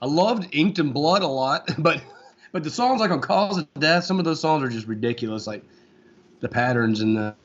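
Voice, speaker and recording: A man's voice: fairly high pitch, moderate pace. Rambling man with a dull lo-fi sound. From Florida, USA. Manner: relaxed, rambling, lots of fillers. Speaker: guest guitarist. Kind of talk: casual interview chat.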